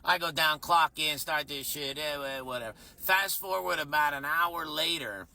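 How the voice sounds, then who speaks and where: A man's voice: a little high, moderate pace, sharp tone. A man who works as a bartender, telling a rambling, profane, self-mocking story in a casual way.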